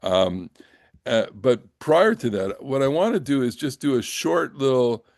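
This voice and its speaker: An older man teaching a Bible class. He reads Hebrew verses slowly, translates them, and talks in a halting way with many fillers and restarts. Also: medium pitch, expressive, gravelly, a little mellow, no room sound, clean studio sound. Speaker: Torah teacher.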